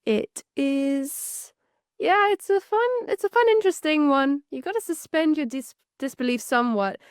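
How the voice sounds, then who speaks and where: A woman's voice: high voice, normal speed, dry recording, studio quality. A young woman co-hosting a podcast, chatting in a rambling way with light laughs. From England. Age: young adult. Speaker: podcast co-host. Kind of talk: casual chat.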